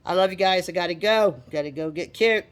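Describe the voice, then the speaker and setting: A woman talking casually to her viewers, chatty and animated, often repeating herself. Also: lowish voice, fairly quick. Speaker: vlogger. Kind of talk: casual talk to camera.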